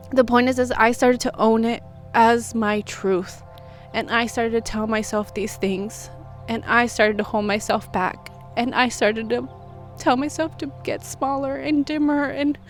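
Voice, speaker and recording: A woman talking to camera in a heartfelt, rambling vlog about her own feelings, sometimes close to tears. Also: a little high. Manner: heartfelt, rambling, self-reflective. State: tearful at times. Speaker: vlogger. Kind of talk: emotional personal vlog.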